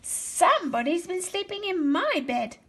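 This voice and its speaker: A woman voicing a tiny young baby bear boy in a storybook reading, with a high, small voice. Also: very animated, unhurried, slight background noise, exaggerated voice. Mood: plaintive.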